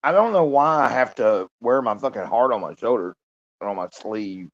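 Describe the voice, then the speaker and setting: A man in his fifties talking alone on a live stream, downcast and halting, sighing and swearing often. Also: medium pitch, lively intonation, slight background noise. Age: 50s. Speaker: livestreamer. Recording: muffled lo-fi stream audio.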